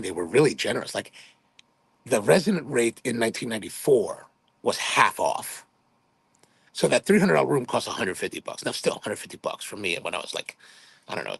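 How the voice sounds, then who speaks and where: A Hawaiian man in his fifties hosts a livestream, rambling through chatty anecdotes and playfully quoting himself. His mid-range voice has vocal fry and a breathy edge, recorded with no echo.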